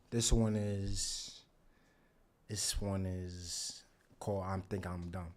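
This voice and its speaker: A man's voice: low voice, fairly even intonation, takes it slowly, a little mellow. A young man at an open mic, talking loosely and casually in slang before he reads his poem. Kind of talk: casual stage banter. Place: live open mic in a community venue.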